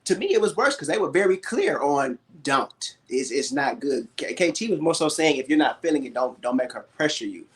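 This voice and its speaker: A man's voice: on the high side, sing-song, brisk, few pauses. A man co-hosting a casual reality-TV review chat, giving blunt, opinionated takes in a matter-of-fact way. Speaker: podcast co-host.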